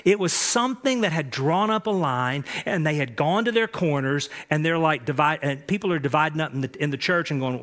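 Male pastor, slightly high voice, emphatic sermon delivery with repeated phrases. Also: animated, a little fast, hardly any pauses. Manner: emphatic preaching, swings between soft and loud; repeats key phrases, frequent restarts.

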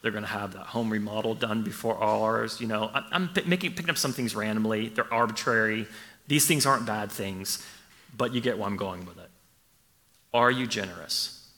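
Bright-voiced man preaching a sermon. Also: lowish voice, brisk, long reverb tail. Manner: conversational, emphatic preaching with repeated questions. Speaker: pastor. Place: church.

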